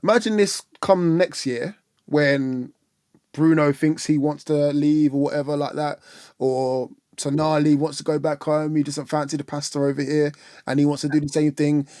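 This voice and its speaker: Man, livestream fan chat, blunt and animated, slightly high pitch, dry close mic. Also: normal speed, smooth, no echo. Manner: blunt, animated ranting with mocking impressions. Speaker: fan channel co-host. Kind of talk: casual livestream football chat.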